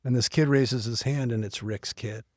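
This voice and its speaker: A middle-aged man recounts his life in an earnest, conversational way. His voice sits in an ordinary middle pitch. The sound is close and dry, with no room around it. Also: fairly even intonation, normal speed, dry recording. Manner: earnest storytelling with quoted dialogue. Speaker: podcast guest. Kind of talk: personal testimony in casual talk.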